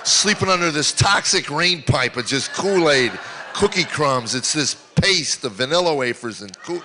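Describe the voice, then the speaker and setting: An older man on a comedy stage, telling rambling stories into a handheld mic. His voice is bright and forward. He drops to low mutters, then bursts out loud. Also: animated, moderate pace, slight background noise. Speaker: stand-up comedian. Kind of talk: stand-up comedy set. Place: live comedy venue.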